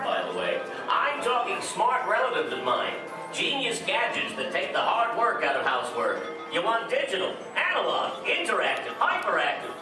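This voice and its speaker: A cheery salesman-like family father. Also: high voice. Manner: chatty salesman banter, joking. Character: cheery middle-aged family father showing off his home. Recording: very echoey hall from far off, with music.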